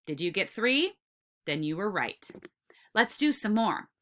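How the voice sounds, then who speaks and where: A woman teaching a recorded lesson to kindergartners. She speaks slowly with a bright, lively voice that swoops up and down. Her tone stays encouraging and drawn out for young listeners. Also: mid-range voice. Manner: slow, encouraging, drawn-out words for children.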